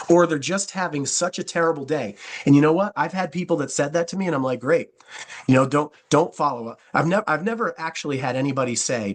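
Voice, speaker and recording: A man coaching a sales team, talking fast and acting out both sides of phone calls as he goes. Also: fairly high pitch. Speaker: network marketing trainer. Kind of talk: coaching talk with sample scripts.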